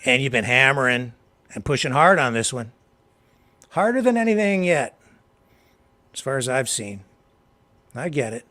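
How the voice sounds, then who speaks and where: A Canadian man hosting a political talk show, delivering impassioned commentary that swings from low, quiet remarks to loud, emphatic outbursts. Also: animated, moderate pace, pauses often. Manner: heated, addresses a co-host directly.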